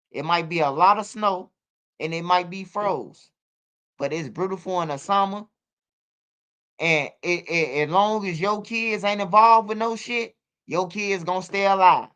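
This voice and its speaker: A man's voice: high voice, measured pace, pauses often, bright, forceful tone, smooth. A man hosting a casual livestream, emphatic, repeating himself and swearing freely. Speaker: streamer and channel host.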